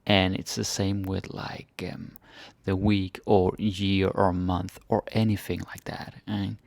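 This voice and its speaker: Man, low gravelly voice, dry close sound, casual chatty teaching. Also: slow, no echo. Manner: relaxed, chatty, thinks aloud with fillers. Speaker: Danish language teacher. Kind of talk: casual grammar lesson.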